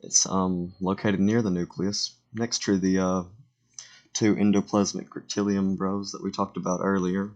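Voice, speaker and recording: Low, gravelly teen boy narrating slides. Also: little pitch movement, a little mellow, highs cut off. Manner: halting, self-correcting, joking asides. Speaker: student presenter. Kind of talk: casual slideshow voiceover.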